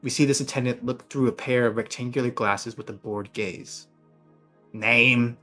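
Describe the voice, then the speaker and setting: A man's voice: mid-range voice, brisk, faint music behind. A man running a tabletop game as game master, setting scenes cinematically with some fillers.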